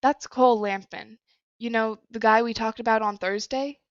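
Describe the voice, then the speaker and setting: A woman reading the lines of a brisk, bossy teenage girl in a story. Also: a little high, steady tone, no echo, dull audio, natural voice. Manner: brisk and urgent.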